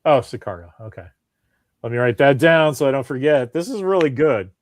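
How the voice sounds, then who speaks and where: A male podcast host chatting casually about movies. His voice sits at an ordinary middle pitch and sounds dry and close to the mic. He tells stories with lots of animation, slipping into the voices of the people in them. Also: brisk, no room sound. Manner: animated storyteller, acts out quoted voices. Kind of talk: casual chat.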